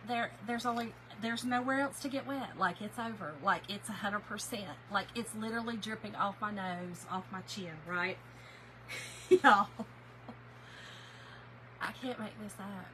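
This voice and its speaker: A woman's voice: on the high side, sharp tone, slight background noise, low-quality recording. A woman, telling an emotional story in a chatty way while she crafts on a livestream, and she tears up easily.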